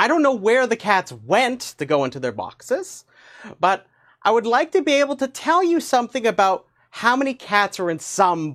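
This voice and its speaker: A woman explaining a math idea in a casual, chatty lesson, laughing often and getting excited as she goes. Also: medium pitch. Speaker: teacher.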